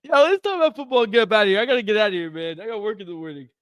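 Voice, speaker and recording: A man's voice: sits high, animated, racing, a bit bright, clean tone, no echo. A young man co-hosting a casual sports podcast, laughing a lot and hyped. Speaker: podcast co-host. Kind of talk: casual chat.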